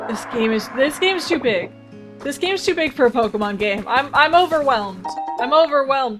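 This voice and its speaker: Excitable female let's-play host, higher voice, light music under her, bubbly and self-deprecating. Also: normal speed. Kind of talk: casual game commentary.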